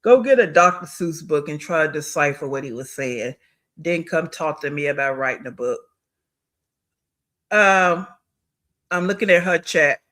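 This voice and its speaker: A man's voice: a little high, lively intonation, measured pace, long pauses, bright, forceful tone. A man hosting a reaction video, giving blunt, scornful commentary on a clip he is watching.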